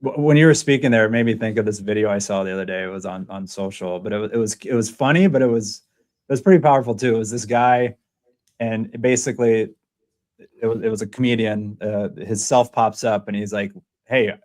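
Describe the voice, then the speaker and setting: A man hosting a casual interview podcast, retelling stories with lively quoted voices. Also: fairly quick. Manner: animated storyteller, voices quotes in a high excited tone. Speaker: podcast host.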